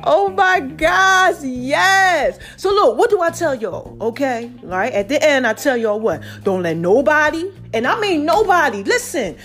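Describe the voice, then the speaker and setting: Woman vlogger, high voice, playful and laughing, casual pep-talk delivery to viewers. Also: sing-song, moderate pace, hardly any pauses, soft background music. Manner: playful, laughing, calls viewers "baby" and "y'all". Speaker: vlogger giving life advice.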